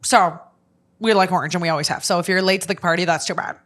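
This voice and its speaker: A young woman with a Minnesotan accent hosts a podcast in a relaxed, chatty way. Her voice sits a little low, and she gushes with upbeat enthusiasm. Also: fast. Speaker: podcast host. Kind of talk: casual chat.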